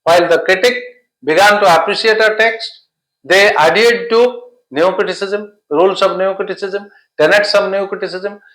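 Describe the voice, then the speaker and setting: Steady and at a moderate pace, a man with a high, somewhat bright voice explains literature for exam prep, patiently repeating points and chaining synonyms together. The recording is rough and reverberant.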